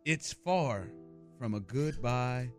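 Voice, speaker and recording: A man doing an impression of a male basketball star, reading a farewell post in a slow, soft, solemn way. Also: medium pitch, lively intonation, soft background music.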